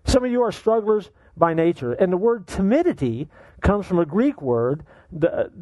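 A man preaching a sermon as pastor, animated and joking, firing off rhetorical questions at his congregation. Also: high voice, moderate pace, dry recording, rough recording.

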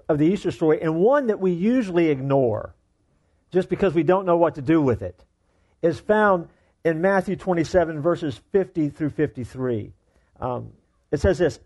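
A man preaching as pastor in a church service, leading a prayer and then building his points with emphatic, repeated words. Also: a little high. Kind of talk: sermon with prayer.

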